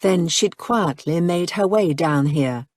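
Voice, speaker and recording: This audiobook narrator is a woman with a low, slightly mellow voice who reads a script slowly. It's a clean studio recording without room sound.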